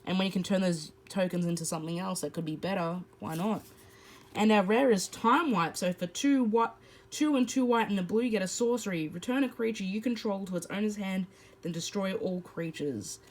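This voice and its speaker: A woman's voice: mid-range voice, brisk, a little mellow, poor audio. A woman hosting a card-opening video, reading card text and then chatting about each card, with some fillers. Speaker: host. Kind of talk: casual card-opening commentary.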